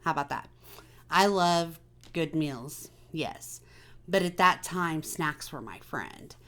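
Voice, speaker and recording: A woman's voice: sits low, lively intonation, takes it slowly, a bit bright, slight background noise. A woman hosting a casual personal chat, talking candidly and confidingly with many fillers. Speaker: vlog host.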